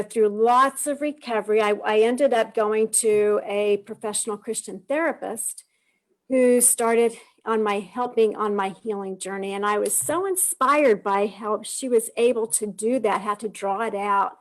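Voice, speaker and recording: A woman's voice: mid-range voice, fairly even intonation, a little slow. A woman in her forties giving an earnest, heartfelt personal testimony on a video call, telling her story with frequent restarts. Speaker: guest sharing her testimony. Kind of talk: emotional personal testimony on a live stream.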